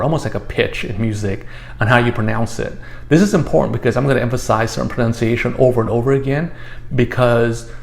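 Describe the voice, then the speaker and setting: A man teaching phrases in a chatty, casual lesson, with many fillers and restarts, slowing down to stress each word. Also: medium pitch, creaky. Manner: slows down to stress the words he teaches. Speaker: language teacher.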